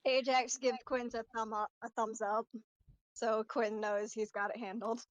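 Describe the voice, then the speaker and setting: A woman's voice: a little high, level tone, measured pace, no room sound, rough recording. A woman playing a tabletop game, easygoing as she narrates her character's actions. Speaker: player. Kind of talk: casual game chat.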